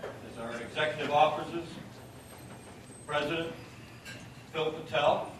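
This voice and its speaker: A man leading a formal installation ceremony, speaking in a measured, ceremonial way as the outgoing president. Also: a little high. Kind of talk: formal ceremony speech, reading an oath and charge. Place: large banquet hall, indoors. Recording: very echoey hall, from far off, with background noise.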